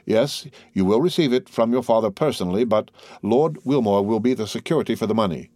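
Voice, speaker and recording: A poised, worldly nobleman who reassures with quiet authority, voiced by a man reading a novel. The voice is low and even. It sounds close and dry. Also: a little fast, dry recording, lightly acted. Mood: assured.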